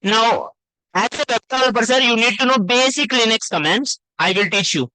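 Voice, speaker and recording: Guy teaching code over a video call, bright voice, dry sound, says things twice. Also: extremely high pitch, a little fast, no echo, low-quality recording. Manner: repetitive, addresses students as sir and ma. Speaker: coding teacher. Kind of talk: live online class.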